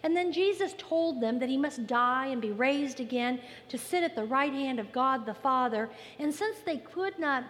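A woman pastor preaching a sermon in an emphatic style, repeating phrases and pausing for effect. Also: sits high. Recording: long reverb with faint ambient noise.

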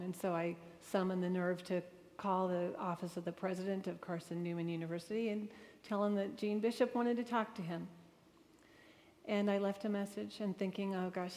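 A woman with a mid-range, slightly mellow voice gives a personal testimony to an audience, telling her story earnestly and emotionally with vivid retold dialogue. A large hall's long reverb surrounds the recording.

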